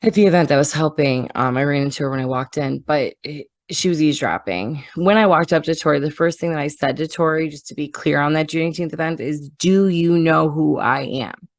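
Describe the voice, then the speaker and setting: Woman, very low voice, dry close sound, blunt indignant talk. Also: fast, hardly any pauses, no room sound. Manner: blunt, indignant, profane retelling. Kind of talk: casual podcast chat.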